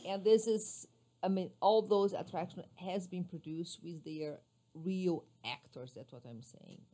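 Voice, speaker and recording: Low-voiced hesitant woman guest. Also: a little slow, warm tone, a little hiss or hum. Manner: hesitant, searching for words. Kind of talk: casual interview chat.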